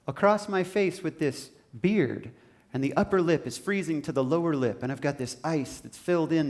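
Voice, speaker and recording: A man giving an inspirational stage talk in a large hall, emphatic and repetitive, building up to shouting. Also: a little high. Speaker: motivational speaker.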